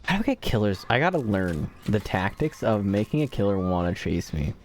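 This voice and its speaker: A man with a fairly low voice gives live commentary while streaming a game. His pitch swings widely as he jokes, and he slips into mock-dramatic pleading and laments aimed at the characters on screen. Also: sing-song, brisk, slight background noise.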